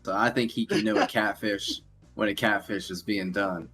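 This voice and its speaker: A man's voice: on the low side, fairly even intonation, normal speed, a bit bright, faint music behind. A man competing on an online game show, chatting in a laid-back, amused way. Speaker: contestant. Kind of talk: casual chat.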